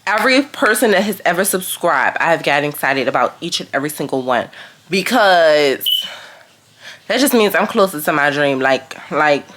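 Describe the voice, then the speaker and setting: A woman chatting excitedly to camera as a vlogger, gushing and repeating phrases. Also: fairly low pitch. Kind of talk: casual vlog chat.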